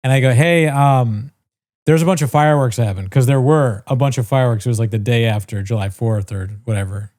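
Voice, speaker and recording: A man's voice: mid-range voice, a little fast. Guy on a podcast rambling thru a story, cusses a lot, does little voices for ppl. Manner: animated storyteller, swears freely, mimics voices. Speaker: podcast co-host. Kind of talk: casual storytelling chat.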